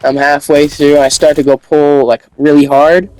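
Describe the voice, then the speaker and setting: A man's voice: on the high side, little pitch movement, normal speed, a little mellow, low-quality recording. A young adult man telling a casual storytime monologue, rambling with repeated words, restarts and slang.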